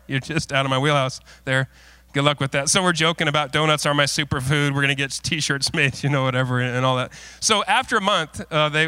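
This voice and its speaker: A middle-aged male pastor preaching a sermon, mixing folksy, self-deprecating stories with earnest, lowered exhortation. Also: pushed and bright, no echo. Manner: folksy, self-deprecating storytelling with frequent laughs.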